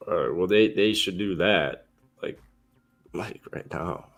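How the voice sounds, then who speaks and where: A man's voice: low voice, unhurried, a bit bright. A young man co-hosting a casual talk show, giving blunt, laid-back reactions. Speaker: co-host. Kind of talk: casual chat.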